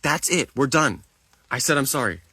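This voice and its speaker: A man's voice: mid-range voice, expressive, normal speed, sharp tone, husky, dry recording. A man livestreaming to his chat, talking defensively, repeating himself and swearing.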